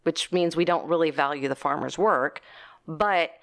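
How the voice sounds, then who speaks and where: A woman co-hosts a casual talk show. She speaks with emphasis and a fairly low pitch, and she leans into her points. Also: normal speed. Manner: talkative, emphatic, quotes clients in lowered voice. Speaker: podcast co-host. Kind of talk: casual conversation.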